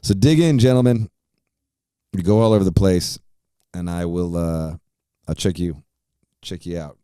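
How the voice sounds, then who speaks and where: Deep dark-voiced guy hosting a podcast, swears a lot, rambles. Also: unhurried, smooth, no echo, clean studio sound. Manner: profane, rambling, laid-back. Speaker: podcast host. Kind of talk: casual podcast chat.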